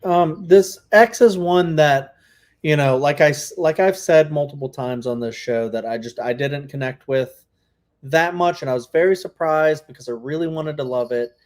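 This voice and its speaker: A man's voice: fairly high pitch, moderate pace. A man co-hosting a casual podcast chat, talking in a rambling way full of filler words. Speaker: podcast co-host.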